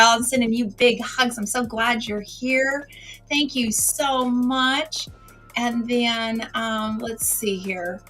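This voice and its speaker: With a fairly high, sharp-toned voice, this woman runs a casual livestream as its host, chatting away and welcoming viewers by name.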